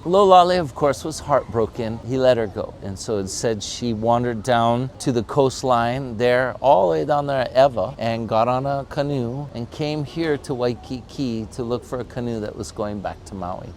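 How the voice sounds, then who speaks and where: A man, a surf historian telling an animated, dramatic talk story. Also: medium pitch, normal speed, few pauses, a little hiss or hum.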